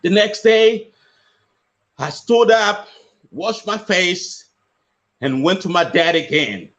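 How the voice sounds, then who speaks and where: A man's voice: high-pitched, animated, slow pace, a bit bright, lo-fi sound. A man from West Africa, a motivational speaker, telling a personal story in an earnest way and repeating phrases for emphasis.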